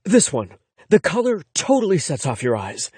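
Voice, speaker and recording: A man voicing a gentle, affectionate boyfriend who speaks softly and reassuringly in an audiobook. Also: on the high side, wildly swooping pitch, moderate pace, breathy edge, dry recording, voice pushed up, heavily acted. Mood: teasing. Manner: soft, warm, reassuring.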